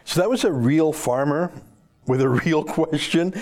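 Sarcastic guy ranting about politics, kinda high voice, mocking tone. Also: a little slow, darkish tone. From Canada. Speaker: political commentator host. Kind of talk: opinionated monologue.

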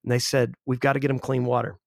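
Male guest in his forties, gravelly voice, dry close sound, earnest storyteller who restarts his sentences. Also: mid-range voice, little pitch movement, quick pace, dry recording. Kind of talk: conversational storytelling.

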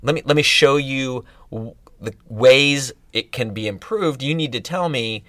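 A middle-aged man co-hosting a podcast, talking things through in a thoughtful, halting way with many restarts. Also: mid-range voice, a bit bright, no echo. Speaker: podcast co-host. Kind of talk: casual chat.

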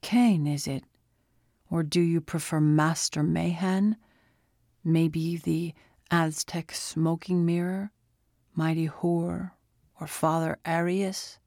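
Brief: woman playing a defiant young would-be priest, low-pitched, dry close mic. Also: steady tone, takes it slowly, warm tone, no room sound. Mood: challenging.

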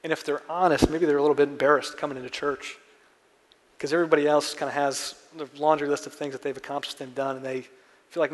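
Earnest pastor in an echoey church. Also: male voice, fairly high pitch, flat delivery, fast talker. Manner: conversational, earnest storytelling. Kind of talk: sermon.

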